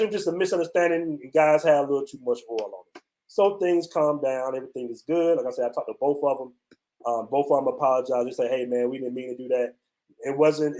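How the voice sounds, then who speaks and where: A man's voice: a little high, darkish tone. A man from the United States who hosts a travel channel, telling viewers a story in a loose, slangy way, full of "man" and "bro", outdoors on a street. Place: outdoors on a city street at night.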